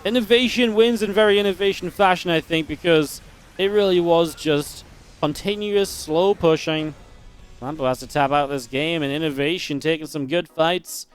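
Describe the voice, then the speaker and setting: A man's voice: fairly high pitch, smooth, soft background music. Upbeat man casting a live esports match. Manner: chatty, upbeat, quick reactions. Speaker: esports caster. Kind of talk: live play-by-play commentary.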